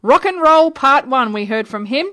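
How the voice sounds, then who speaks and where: A woman's voice: sits high, lively intonation, normal speed, fairly bright tone. A woman radio DJ talking between songs, chatty and upbeat, addressing her listeners directly.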